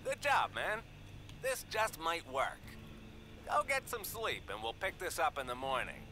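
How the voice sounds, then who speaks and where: A man's voice: fairly high pitch, huge pitch swings, measured pace. A man voicing a streetwise male criminal partner in a video game, giving casual instructions in a laid-back, bossy way. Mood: instructing. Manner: laid-back, gives orders. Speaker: game character. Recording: game audio over background music.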